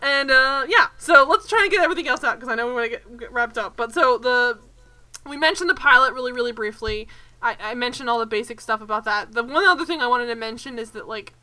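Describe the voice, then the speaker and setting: High bright ranting woman. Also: fast talker. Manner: animated, ranting, swears a lot, laughs often. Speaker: podcast co-host. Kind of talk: casual chat.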